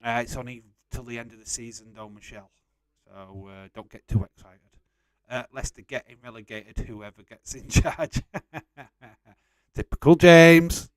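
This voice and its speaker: Man, young adult, live-stream host, chatty, lower voice, smooth tone. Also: steady tone, moderate pace, no echo. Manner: chatty, reads out and answers chat messages, laughs often. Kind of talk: casual live-stream chat.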